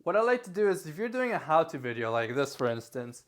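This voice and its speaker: A young man talks straight to his camera indoors, rambling through tips and correcting himself as he goes. His voice sits a little high for a man, and his volume rises and falls as he gestures. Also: fast. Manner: rambling, self-correcting, lively delivery with varied loudness; gesturing with his hands while talking. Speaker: YouTuber giving tips. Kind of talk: casual talking-head advice vlog. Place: indoor room, recording himself. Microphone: camera facing him.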